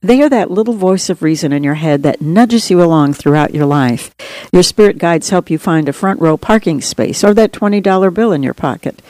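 A woman's voice: fairly low pitch, animated, a little fast, warm tone, no room sound. A middle-aged woman narrating her own memoir as an audiobook in an earnest, straightforward storytelling manner.

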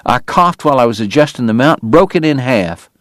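A man's voice: medium pitch, animated, fairly quick, no room sound, studio quality, voice pushed up, natural voice. A man voicing a bitter, ailing frontier dentist who speaks in a formal, biting and strained way. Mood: despairing. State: sick, coughing.

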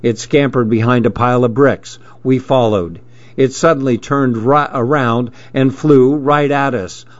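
A man reads a story aloud at an unhurried pace, calm and steady, with a mid-range voice. The sound is dry and close, and the recording is dull and lo-fi. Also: mid-range voice, dry recording. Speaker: narrator. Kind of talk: storybook narration.

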